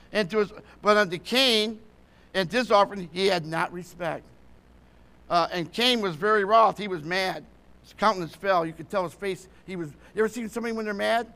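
A man's voice: high voice, moderate pace, bright, forceful tone. A man preaching a sermon with fervour, often checking that the congregation is following along.

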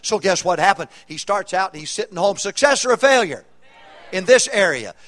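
A middle-aged man preaches to his congregation in an energetic, humorous style. His voice sits high and swings widely in pitch. He keeps throwing questions back to the pews. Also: moderate pace. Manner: animated, humorous, call-and-response preaching. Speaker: pastor. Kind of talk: sermon. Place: church auditorium.

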